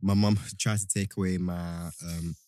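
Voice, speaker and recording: A man's voice: normal speed, a little hiss or hum. A young man, telling stories in a casual podcast chat with friends. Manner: animated storyteller, jumps in pitch.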